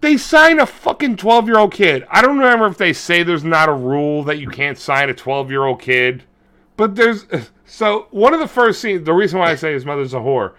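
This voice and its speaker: Bright-voiced man, crude rambling storyteller. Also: fairly high pitch. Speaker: podcast co-host. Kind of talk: casual chat.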